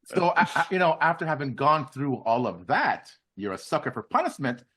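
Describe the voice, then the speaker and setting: Husky male podcast host, lively pitch. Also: brisk. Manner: rambling questions with many restarts and fillers. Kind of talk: interview questions, casual chat.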